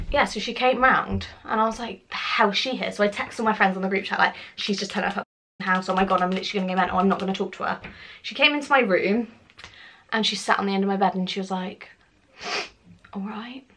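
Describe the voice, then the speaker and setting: A woman's voice: mid-range voice, fast talker, pushed and bright. Chatty young woman telling a story. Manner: chatty, swears freely, acts out quotes. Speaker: vlogger. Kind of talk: casual storytime.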